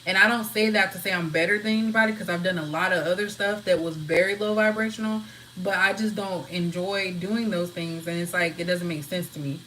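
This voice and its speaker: A woman casually rambling from home to her live viewers, answering their comments in a relaxed, open way. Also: lowish voice, brisk, slight background noise, low-quality recording. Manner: relaxed, talks freely, answers chat comments. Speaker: livestream host.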